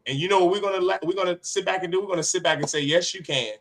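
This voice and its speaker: A man teaching a class as an impassioned preacher, with rhetorical questions and sharp swings in loudness. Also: sits high, steady tone, very fast. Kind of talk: street-preacher sermon.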